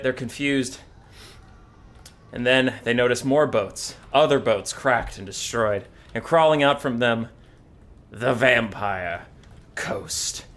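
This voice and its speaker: Bright, animated male game streamer. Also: a little high. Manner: animated, jokey storytelling. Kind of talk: casual game-stream commentary and storytelling.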